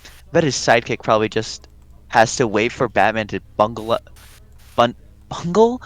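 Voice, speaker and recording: A man's voice: medium pitch, lively intonation, normal speed, no echo, rough recording. A man casually reading a webcomic aloud in a group, playful and bantering, swearing now and then.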